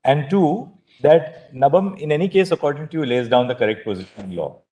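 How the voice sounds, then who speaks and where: Measured Indian English judge, mellow voice. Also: male voice, a little high, lively intonation. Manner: measured, sums up the facts and steers the argument. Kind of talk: questioning counsel from the bench. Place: courtroom.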